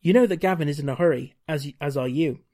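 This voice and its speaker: A man's voice: on the high side, quick pace, darkish tone. A man hosting a podcast, reading a gamebook aloud with wry, joking asides and frequent laughter. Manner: wry, laughs often, reads narration steadily.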